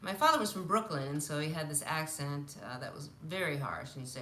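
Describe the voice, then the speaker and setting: A woman in her fifties tells childhood stories on a live stream in a lively, animated way, often laughing and acting out the voices of people she remembers. Her voice sits fairly low yet sounds bright and forceful. The room around her is noticeably echoey. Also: brisk, few pauses. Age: 50s. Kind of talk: casual storytelling on a live stream. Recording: roomy echo.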